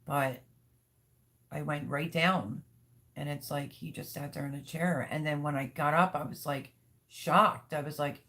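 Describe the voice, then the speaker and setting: A woman's voice: low voice, fairly even intonation, measured pace, pushed and bright. A woman hosting a casual livestream from home, rambling candidly and reading out viewer comments. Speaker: livestream host. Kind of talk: casual live-stream chat.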